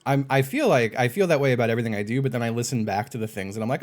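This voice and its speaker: A man's voice: medium pitch, rapid-fire. A man streaming a game live, chatting casually with viewers, swearing and getting exasperated. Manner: animated, swearing, exasperated outbursts.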